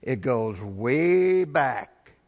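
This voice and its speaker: A man's voice: medium pitch, sing-song, very slow, darkish tone, long reverb tail, highs cut off. A male pastor preaching a sermon, building to emphatic, rising swells.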